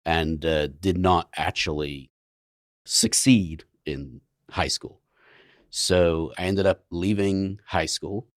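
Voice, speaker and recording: A man's voice: low-pitched, slow pace, dry recording. A middle-aged man from England, his English accent drifted toward mid-Atlantic, answering interview questions with dry, self-deprecating humor. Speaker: guest scientist. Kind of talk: relaxed interview talk.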